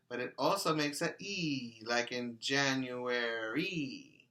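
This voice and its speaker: A man's voice: medium pitch, takes it slowly, pushed and bright. A man teaching preschoolers in a virtual lesson, coaxing them along in a sing-song call-and-response way.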